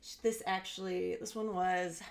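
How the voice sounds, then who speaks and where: Enthusiastic woman creator, bubbly delivery, gravelly fry. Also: medium pitch, flat delivery, a little slow. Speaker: guest content creator. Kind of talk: recorded video segment.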